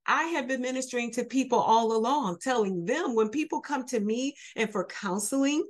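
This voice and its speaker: Animated woman telling a testimony. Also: fairly high pitch, normal speed. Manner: animated, acts out both sides of dialogue. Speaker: guest, minister. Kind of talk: storytelling testimony.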